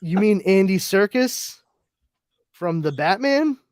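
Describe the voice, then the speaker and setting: A man's voice: high-pitched, expressive, slow pace, no room sound. Rambling male podcast host, dry sound. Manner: rambling, frequent restarts and fillers. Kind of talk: casual chat reading listener comments.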